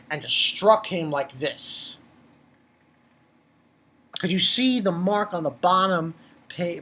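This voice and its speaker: A man giving a casual, rambling review of a comic chapter, talking excitably and jumping up in pitch when he gets worked up. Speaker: manga reviewer.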